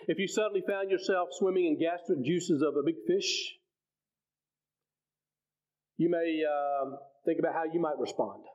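A man with a slightly high voice gives a conversational sermon, stumbling and restarting as he works through scripture. The recording sounds dull and lo-fi. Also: warm tone. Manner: conversational, repeats words and restarts. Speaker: preacher.

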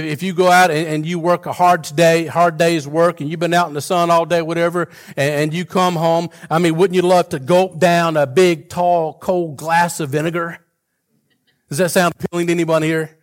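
A man preaches a sermon in a somewhat higher voice, talking to his congregation in a relaxed way. He stumbles through restarts and stray fillers, then reaches for rhetorical questions and folksy humor to make his point. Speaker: pastor.

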